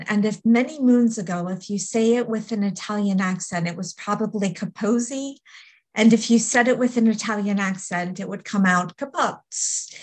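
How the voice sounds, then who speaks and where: A woman appearing as a guest on a podcast, a speaker and coach who talks in a candid, steady, reflective way. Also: mid-range voice. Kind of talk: podcast interview.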